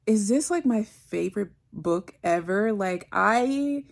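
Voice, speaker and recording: A woman's voice: medium pitch, expressive, takes it slowly, gravelly. A woman chatting casually in a book vlog, effusive and gushing, full of "like" fillers. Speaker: book vlogger. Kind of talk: casual reading vlog chat.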